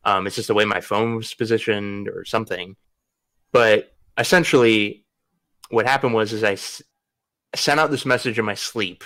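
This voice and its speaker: A man's voice: lowish voice, moderate pace, fairly bright tone. A young man on a podcast, casually telling a rambling story, laughing often and swearing freely. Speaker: podcast host.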